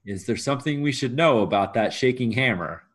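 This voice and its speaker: A man's voice: medium pitch, expressive, brisk, lightly acted. A man playing a veteran male quartermaster in a tabletop game, plain-spoken and exasperated.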